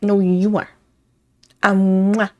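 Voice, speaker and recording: A woman's voice: medium pitch, level tone, slow pace. A young woman streaming, chatting casually with her viewers, rambling and breaking into giggles often. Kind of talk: casual chat with live chat.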